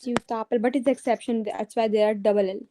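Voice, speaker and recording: A woman's voice: on the high side, fairly even intonation, fast, warm tone, a little hiss or hum, rough recording. A woman teaching a French grammar lesson to a student, patiently repeating each conjugation aloud.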